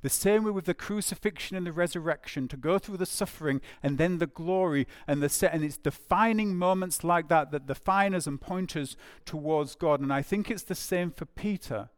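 A man preaching a sermon in an earnest tone, voice sitting fairly high. He repeats key phrases to drive them home. The sound is close and dry, with no room echo. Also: normal speed, few pauses.

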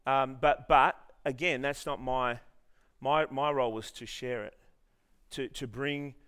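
A man's voice: medium pitch, fairly even intonation, a little slow, a bit bright, clear, resonant tone. A man preaching a sermon, telling a story with many restarts and then leading the congregation in earnest prayer. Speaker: pastor.

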